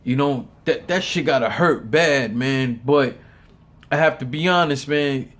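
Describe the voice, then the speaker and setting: A man's voice: medium pitch, unhurried, fairly bright tone. A man giving casual, profane opinion commentary on a battle rap, stumbling over repeated words and laughing often.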